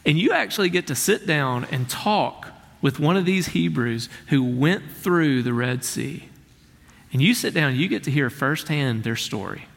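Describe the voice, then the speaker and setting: A man preaching a sermon as pastor, earnest and emphatic, slowing down and softening his voice on key phrases. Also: on the high side, lively intonation, gravelly, in a large hall.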